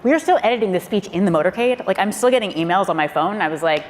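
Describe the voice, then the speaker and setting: A woman, a former speechwriter, telling a lively anecdote on a panel, acting out quotes and laughing often. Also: mid-range voice, very fast. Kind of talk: lively anecdote told to a live audience. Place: auditorium panel event. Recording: long hall reverb, faint room noise.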